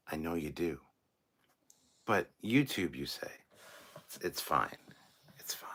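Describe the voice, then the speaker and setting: A man's voice: low-pitched, unhurried, long pauses, fairly bright tone. A man in his forties hosting a live stream, chatting casually and joking as he reads viewer comments aloud. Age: 40s.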